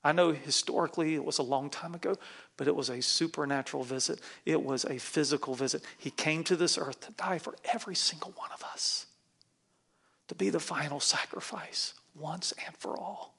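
Pastor guy preaching in church, a bit gravelly, higher voice, gets the crowd to repeat after him. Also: moderate pace. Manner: lively, coaxing congregation call-and-response. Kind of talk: sermon. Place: church sanctuary.

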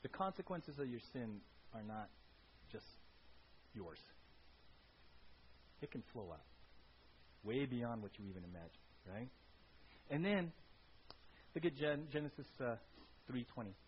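A male pastor giving a conversational sermon with an animated delivery, often checking in with the congregation by asking "right?". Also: medium pitch, measured pace, pauses often. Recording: dull lo-fi recording with faint hiss.

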